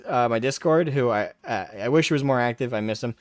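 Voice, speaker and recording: A man's voice: mid-range voice, expressive, brisk, hardly any pauses, dry recording, studio quality. A man hosting a live stream, talking in a brash, mocking way and taunting people in a raised voice. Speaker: livestream host. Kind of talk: casual livestream commentary.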